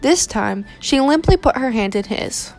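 A woman reading a romance novel aloud in steady, measured narration. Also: high voice, soft background music.

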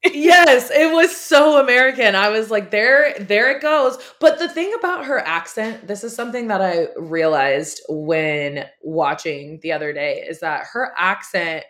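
A woman's voice: medium pitch, lively intonation, measured pace, few pauses, fairly bright tone. A woman hosting a podcast, chatting casually and animatedly about reality TV gossip, laughing often. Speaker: podcast host. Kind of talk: casual chat.

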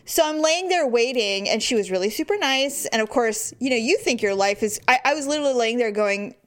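A middle-aged woman in casual chat, a blunt, animated storyteller who swears freely and acts out other people's voices. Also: fairly high pitch, brisk.

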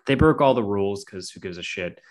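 A man with a lowish voice and lively intonation talks a little fast as a podcast guest telling spooky stories. He rambles casually, swearing and leaning heavily on fillers.

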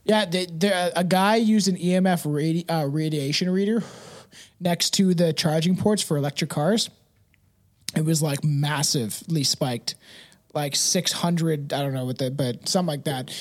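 A man in his thirties co-hosting a podcast in casual, rambling chat, laughing and swearing as he tells stories. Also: normal speed. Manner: rambling, laughing, swearing, lively pitch swings. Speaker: podcast co-host.

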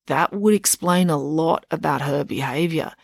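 A woman's voice: deep voice, normal speed, vocal fry, no room sound, studio quality. A woman voicing a blunt, matter-of-fact small-town constable.

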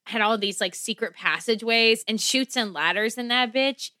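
Bright-voiced swearing woman, true crime chat. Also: a little high, no echo, studio quality. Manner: swears freely, laughs often, quick tangents. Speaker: podcast co-host telling a true crime story.

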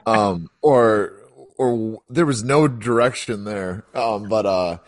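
A man's voice: on the low side, slow. A man co-hosting a casual sports podcast, wry and chatty. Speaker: podcast co-host.

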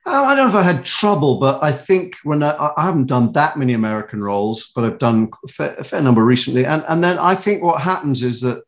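A man's voice: a little high, lively intonation, fast talker, few pauses. A British man from England, a voice actor and author, telling stories in a casual interview with many restarts and laughs.

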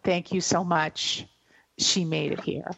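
A woman's voice: lowish voice, steady tone, slow, vocal fry, a bit bright, rough recording. A middle-aged woman telling a long story on a radio show, rambling and emotional, with many fillers and restarts.

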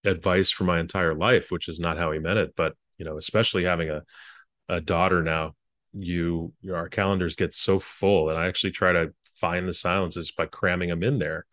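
Male guest, low-pitched, earnest and halting, recounting memories in a dry, close recording. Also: steady tone, a bit bright, no room sound. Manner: earnest, halting with frequent restarts. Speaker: former presidential speechwriter. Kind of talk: reflective interview storytelling.

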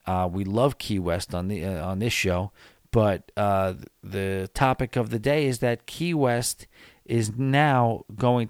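A man's voice: on the low side, a little mellow, dry recording, studio quality. A man hosting a podcast, chatting casually and rambling with lots of fillers late at night while tired and yawning. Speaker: podcast host. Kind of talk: casual solo podcast chat.

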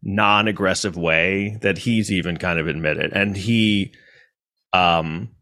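A man's voice: low-pitched, slow pace, pushed and bright. A man from New York City telling a personal story in a casual monologue, rambling with restarts and asides.

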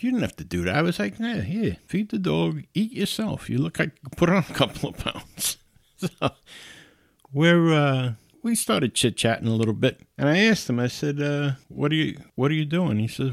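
A man's voice: medium pitch, vocal fry, no echo, studio quality. A middle-aged man hosting his own show, telling a personal story in an earnest, conversational way. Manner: earnest, conversational, animated in quoted exchanges. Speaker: podcast host. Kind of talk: casual storytelling monologue.

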